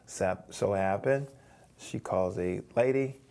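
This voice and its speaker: A man's voice: on the low side, slow pace, vocal fry, dark tone. A middle-aged man, a guest on an interview show, animatedly telling a story, acting out quoted voices, with frequent restarts.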